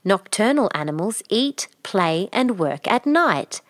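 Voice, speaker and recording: A woman reading a children's picture book aloud in a gentle, expressive storytelling way. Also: mid-range voice, measured pace, no room sound, studio quality.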